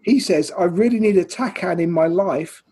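An English man co-hosts a casual podcast and reads listener messages aloud slowly and deliberately. His voice sits a little high and sounds mellow. It has a husky edge. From England. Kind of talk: casual chat.

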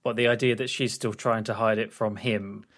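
A man's voice: lowish voice, little pitch movement, moderate pace, a bit bright. A man co-hosting a podcast, reacting to a film recap with chatty, amused asides. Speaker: podcast co-host. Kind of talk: casual film chat.

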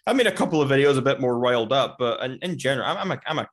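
A man's voice: medium pitch, lively intonation. A man, a guest on a casual podcast, talking with frequent stumbles and restarts. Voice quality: rapid talk with stumbles and restarts. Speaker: guest YouTuber.

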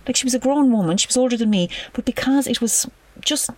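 A husky woman with a fairly high voice chats frankly, firing questions and quick comments. Her voice sounds close and dry. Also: a little mellow, no echo. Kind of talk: casual chat.

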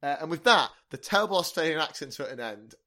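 A man's voice: a little high, expressive, fast, bright, forceful tone. A man co-hosting a comedy podcast, rambling through jokes and laughing often. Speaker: podcast co-host.

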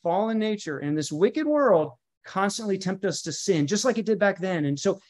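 Interviewed on a podcast, this man, a pastor and guest author, teaches earnestly in an emphatic, preacher-like way, building through lists and repeated phrases. His voice sits high and sounds expressive, with a darkish tone and a moderate pace.

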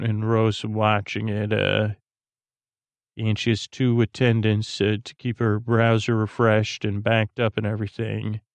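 A man's voice: fairly low pitch, vocal fry, no echo. A man hosting a sleep podcast, recapping an episode in a meandering, filler-heavy way. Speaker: podcast host.

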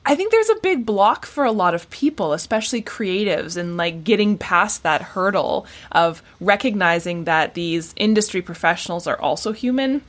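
A woman's voice: medium pitch, expressive, moderate pace, hardly any pauses. A woman hosting an interview podcast, encouraging her guest and then thanking her listeners. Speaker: podcast host. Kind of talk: casual interview and sign-off.

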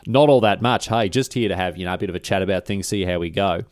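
A man's voice: low-pitched, fast talker, dry recording, clean studio sound, pitched below the performer's own voice, lightly acted. A man doing gullible, blokey Spartan envoys. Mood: relieved. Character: gullible, easygoing male Spartan ambassadors.

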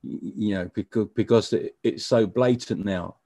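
Man, lowish voice, stammering restarts, thoughtful casual interview talk. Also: warm tone, no echo, studio quality. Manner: halting, with frequent stammered restarts. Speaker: musician guest.

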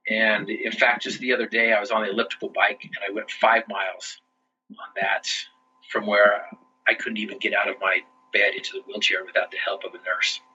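A man in his forties, a podcast guest, telling his personal story in an earnest, motivational way and slowing down for emphasis. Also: fairly low pitch, level tone, pushed and bright, a little hiss or hum. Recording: distant, dull lo-fi sound.

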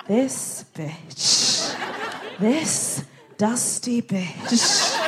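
A woman's voice: mid-range voice, noisy background. A young woman with a posh London accent doing stand-up comedy on a live theatre stage, with a punchy, cheeky delivery. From England and Ghana.

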